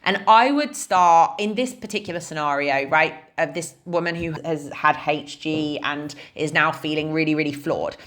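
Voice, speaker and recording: Chatty woman fitness coach, low voice. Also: normal speed, few pauses, a bit bright. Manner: chatty, frequent "like" and "right?" fillers. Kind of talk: casual explanatory talk.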